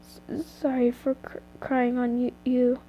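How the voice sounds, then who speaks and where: A woman's voice: on the high side, little pitch movement, a little slow, mellow, slight background noise, lightly acted. A woman playing a teary, stammering young woman. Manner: shaky, stammering through tears. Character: tearful frightened young woman.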